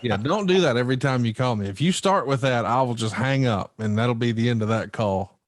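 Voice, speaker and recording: A man's voice: mid-range voice, a little fast, dry recording. Man, co-host, chatty and teasing, long set-up questions, dry close mic. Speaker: podcast co-host. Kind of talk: casual interview chat.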